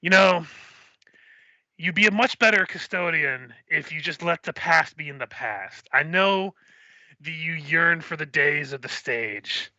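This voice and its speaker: A man putting on a gruff old goblin janitor. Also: on the high side, lively intonation, measured pace, sharp tone, no room sound, highs cut off, full character voice. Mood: grumbling. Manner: gruff, grumbling, swears. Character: gruff aging goblin head custodian, crotchety.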